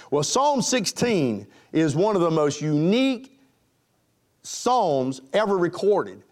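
A man's voice: on the high side, darkish tone. A male pastor preaching a sermon, folksy and joking, chatting with his congregation. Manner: folksy, joking, chuckling with the crowd.

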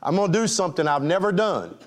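This pastor's voice is high and expressive, and he talks fast. His sermon feels homey and full of jokes as he banters with the congregation and laughs with them.

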